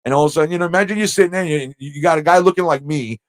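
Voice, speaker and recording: A man with a New York accent, a livestream host telling a story in a casual, animated way, acting out voices and laughing often. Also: fairly high pitch, racing, no echo. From Corona, Queens, New York.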